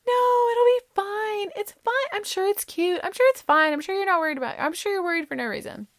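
A woman voicing a chorus of overly sweet women friends in a high, singsong way. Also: a little fast, a bit bright, no echo, studio quality. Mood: reassuring. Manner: sugary, reassuring, singsong.

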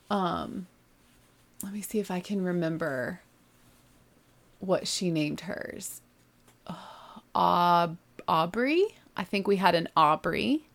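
Chatty mom telling a story. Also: female voice, on the low side, gravelly. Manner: animated, chatty, laughs while telling. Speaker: mother. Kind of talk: casual storytelling.

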